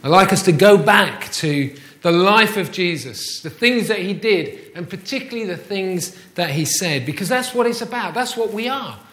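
A man with a fairly high voice delivers a sermon from the front of a church. He keeps it conversational, tossing rhetorical questions at the congregation. The sound is roomy, with the reverberation of the church hall around his voice. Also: animated, normal speed, a bit bright. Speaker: pastor.

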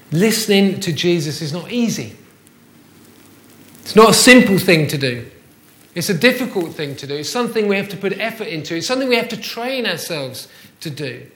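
A pastor with a fairly high, fairly bright voice delivers a sermon from the front of a church. He stays conversational and tosses rhetorical questions at the congregation, and the roomy sound carries the church hall's reverberation.

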